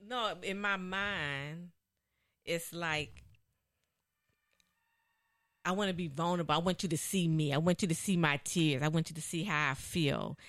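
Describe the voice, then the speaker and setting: A woman's voice: deep voice, unhurried, long pauses, a bit bright. A woman hosting a talk radio show, chatting casually and animatedly, often repeating herself.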